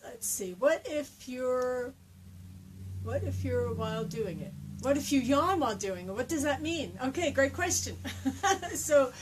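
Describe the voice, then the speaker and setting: A woman teaching energy healing, speaking slow repeated affirmations during a tapping exercise, then explaining in a relaxed way. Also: on the high side, slight background noise, rough recording.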